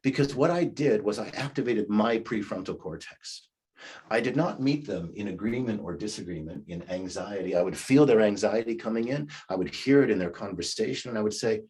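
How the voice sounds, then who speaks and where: A man's voice: on the low side, lively intonation, fairly quick, darkish tone, breathy edge. A man in his fifties giving a leadership class in a conversational teaching manner, acting out the replies he recommends. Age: 50s. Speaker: leadership coach. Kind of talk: recorded class lecture.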